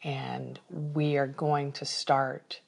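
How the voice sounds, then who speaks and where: A woman's voice: a bass voice, level tone, very slow, gravelly, slightly rough. A woman talking casually on a podcast, telling a personal story with lots of feeling and animation. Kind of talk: casual chat.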